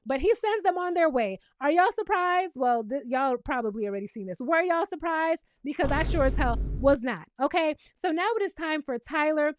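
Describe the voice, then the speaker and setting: A woman's voice: high-pitched, lively intonation, moderate pace, few pauses, a little hiss or hum. A woman recapping a reality show in casual, sassy commentary, talking straight to her viewers.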